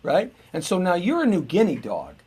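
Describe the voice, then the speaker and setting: A man's voice: sits high, huge pitch swings, normal speed, a little mellow, slightly rough. A middle-aged man hosting a live show, rambling and joking as he muses aloud to viewers. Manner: rambling and jokey, musing aloud.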